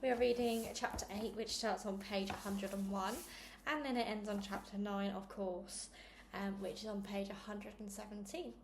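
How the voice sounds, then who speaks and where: A woman who hosts a read-along channel, chatty and upbeat before reading a chapter aloud in a steady narration. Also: medium pitch, normal speed, vocal fry, a little hiss or hum. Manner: chatty and upbeat, self-deprecating. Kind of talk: casual intro, then read-along narration.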